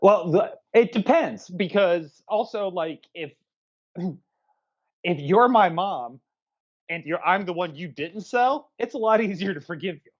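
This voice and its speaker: Male co-host, lively pitch, casual and crude; muffled lo-fi mic. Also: slow. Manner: laid-back, crude, hesitant. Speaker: podcast co-host. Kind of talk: casual movie review chat.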